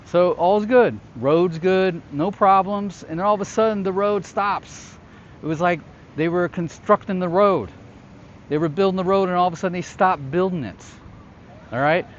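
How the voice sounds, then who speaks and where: Speaking at a moderate pace in a high-pitched voice, a male show host shares a personal story about his past security contracting work. His tone is casual and conversational, and he keeps checking in with the listener. Slight background noise sits under a somewhat dull, lo-fi recording.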